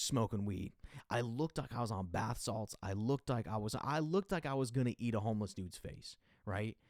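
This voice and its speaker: A young man hosting a podcast, telling a story in casual, slangy, profane talk. He acts out his own panicked thoughts by dropping into a hushed, low voice. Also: no echo, studio quality. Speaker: podcast host.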